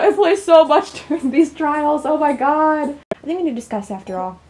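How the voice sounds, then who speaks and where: A woman giving let's-play reaction commentary on a game. She reacts dramatically and laughs often, with a high voice that swings widely in pitch. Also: sing-song, moderate pace. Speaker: gaming video host.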